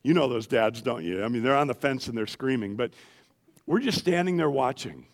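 A middle-aged man preaching a sermon in a church, animated and asking the congregation questions as he goes. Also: mid-range voice, fairly quick, gravelly. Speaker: pastor.

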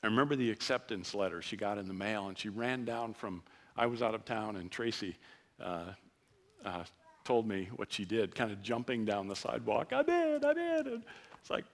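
A man's voice: lowish voice, moderate pace. A middle-aged man preaching a sermon as a pastor, talking in a conversational, self-deprecating way and growing emotional at times.

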